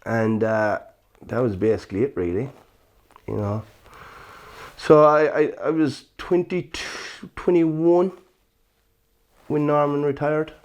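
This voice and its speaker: A man, a former jockey recalling his racing days in a relaxed interview, full of "you know" and "sure, look". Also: on the high side, takes it slowly, pauses often. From Ireland. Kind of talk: casual reminiscing interview.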